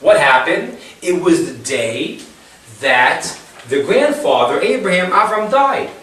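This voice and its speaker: A man's voice: fairly high pitch, big pitch swings, takes it slowly, a bit bright. A man teaching an informal Bible class, retelling the story in a chatty way and asking rhetorical questions. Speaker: Torah teacher. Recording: very echoey room, far from the mic, faint hiss.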